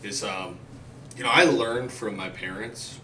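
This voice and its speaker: Lowish guy with a sharp bright tone, backing his buddy up, echoey room off the mic. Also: measured pace, slight background noise. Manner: supportive, short agreeing replies. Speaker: podcast co-host. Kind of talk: casual chat. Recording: roomy and distant with faint ambience.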